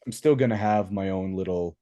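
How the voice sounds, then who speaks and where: Podcast co-host, man with a very low voice; earnest and reflective, dry recording. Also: a little fast, mellow, no echo. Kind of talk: casual chat.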